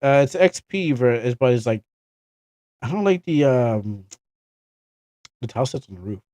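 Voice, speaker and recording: A man's voice: mid-range voice, lively intonation, normal speed, warm tone, dry recording. A young Canadian man chatting casually on a game livestream, rambling and correcting himself with chuckling asides. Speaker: streamer.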